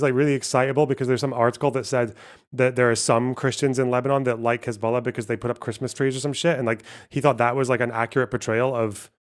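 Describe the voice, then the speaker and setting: A man hosting a live stream, answering questions and commenting bluntly with frequent swearing and filler words. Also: mid-range voice. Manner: blunt, swears often, thinks aloud with fillers. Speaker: streamer host.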